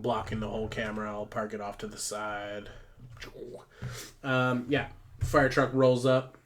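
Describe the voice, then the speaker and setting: A man's voice: fairly low pitch, flat delivery, measured pace, slight background noise. A man rambling casually through a live stream, profane and a little tipsy from a couple of drinks.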